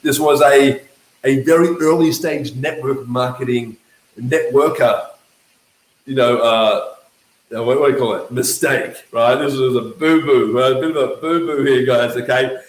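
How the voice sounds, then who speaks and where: Energetic Australian man in a roomy space. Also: medium pitch, a little slow. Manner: energetic, acts out quoted voices. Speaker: network marketing coach. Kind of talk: animated motivational storytelling.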